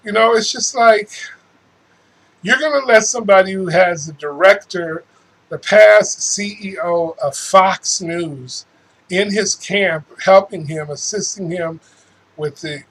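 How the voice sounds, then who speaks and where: A man's voice: sits high, fairly bright tone, poor audio. Angry, stammering male political ranter. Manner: angry, profane, stammering restarts. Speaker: host. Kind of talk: political rant.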